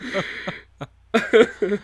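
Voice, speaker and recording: A man's voice: sits high, fairly even intonation, drawn-out words, slightly rough. A man co-hosting a podcast in casual chat, playful and laughing often. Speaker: podcast co-host.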